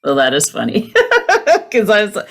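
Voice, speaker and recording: A woman hosting a podcast, chatting quickly and laughing along with her guest. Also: fairly low pitch, sing-song, creaky. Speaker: podcast host. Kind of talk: casual interview chat.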